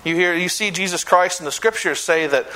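A male pastor preaching a sermon, telling a testimony earnestly and slowing down to stress key phrases. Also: sits high, bright, forceful tone, rough recording. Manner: earnest storytelling, preaching with slowed emphatic phrases.

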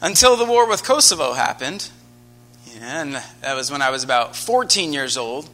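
A man's voice: a little high, moderate pace, soft background music. An American man preaching a sermon, telling a personal story with earnest, rising energy. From United States. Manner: earnest storytelling, grows animated and loud.

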